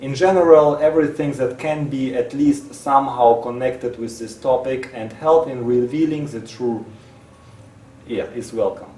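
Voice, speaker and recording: Halting man in a roomy space. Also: medium pitch, dark tone. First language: Russian. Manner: halting, repeats words and restarts. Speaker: presenter. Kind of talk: reading a text aloud with asides. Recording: roomy, distant mic, faint hiss.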